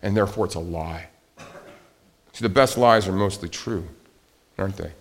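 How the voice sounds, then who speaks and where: A middle-aged man preaching a sermon, rising to loud emphatic peaks and dropping to quiet, confessional lows. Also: normal speed. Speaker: pastor.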